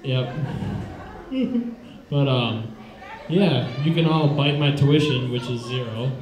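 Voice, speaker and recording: Slow, dry young man doing stand-up. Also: mid-range voice, lo-fi sound, crowd noise. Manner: slow, dry, self-deprecating delivery. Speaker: stand-up comedian. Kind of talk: stand-up comedy set. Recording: echoey room.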